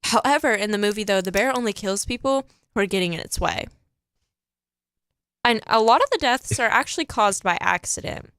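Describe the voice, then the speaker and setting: A teenage girl chats eagerly about a film, peppering her talk with "like" and quick laughs. Her voice sits at a middle pitch. The room sound is dry and close. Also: expressive, a bit bright, clear, resonant tone, dry recording. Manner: chatty, laughs often, heavy use of "like". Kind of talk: casual chat about a movie.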